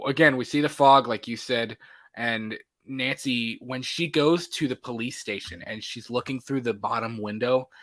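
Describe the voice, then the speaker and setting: A man's voice: mid-range voice, a bit bright. A man hosting a movie podcast, talking casually and animatedly with many fillers and restarts. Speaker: podcast host.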